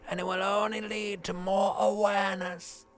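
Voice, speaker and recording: An actor voicing the limbic system in a video game, a man speaking in a hushed, creeping whisper. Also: sits high, level tone, normal speed, lightly acted. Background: faint game music.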